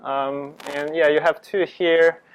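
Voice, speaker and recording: A man's voice: on the high side, little pitch movement, slow pace, clear, resonant tone, rough recording. Hesitant man giving a lecture. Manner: hesitant, many fillers and restarts. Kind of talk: astronomy lecture. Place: lecture room.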